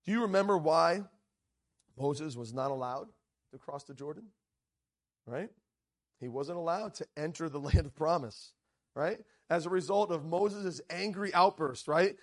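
A man's voice: fairly high pitch, normal speed. A male preacher telling a story in a sermon, acting out the quoted lines and often checking in with "right?". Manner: animated storyteller, frequent "right?" asides, acts out quoted lines. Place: church.

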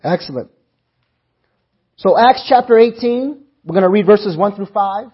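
Husky high-voiced man preaching. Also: a little slow, dull audio. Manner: asks the congregation to answer back. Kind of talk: sermon.

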